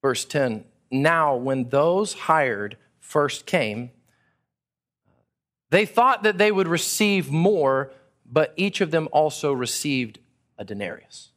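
A man preaching a sermon, with a voice that sits a little high for a man. He gets animated as he reads scripture, then plays out in casual chat what people would think. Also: takes it slowly. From Texas. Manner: animated, acts out listeners' thoughts in casual paraphrase. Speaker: pastor.

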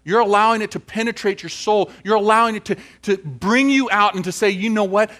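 A man delivering a sermon with a bright, forceful voice that sits somewhat high. He talks earnestly and builds toward emphatic questions before closing in prayer. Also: a little fast. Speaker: preacher.

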